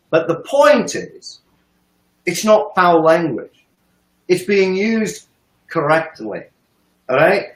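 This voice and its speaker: A man's voice: a little high, roomy sound, poor audio. A man in a profane, emphatic ranting monologue, swearing heavily to make his point. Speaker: commentator.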